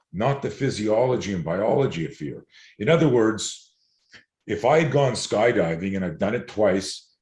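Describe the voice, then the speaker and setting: A man who teaches self-defense, telling stories in an interview in an animated, digressive way. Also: on the low side. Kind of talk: storytelling interview answers. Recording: roomy echo.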